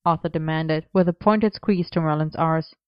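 A woman reading a story aloud in steady, even narration. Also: low voice, moderate pace, clear, resonant tone, dry recording. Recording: slightly dull, dry close recording.

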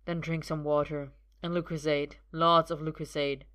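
A woman's voice: sits low, little pitch movement, normal speed, fairly bright tone. A woman reading aloud, voicing a protective young man who is worried, grim and a little lofty. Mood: concerned. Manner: concerned, grim and a touch lofty. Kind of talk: audiobook reading.

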